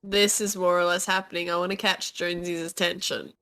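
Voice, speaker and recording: A woman's voice: on the low side, level tone, fairly quick, a bit bright. A woman playing a tabletop game, casual and friendly. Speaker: player.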